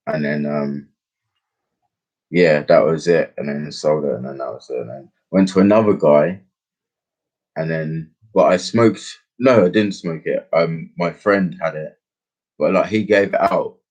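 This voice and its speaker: A man's voice: rumbling low, a little slow, a little mellow. A young man telling a rambling personal story in casual slang, full of fillers and restarts. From England. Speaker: podcast host.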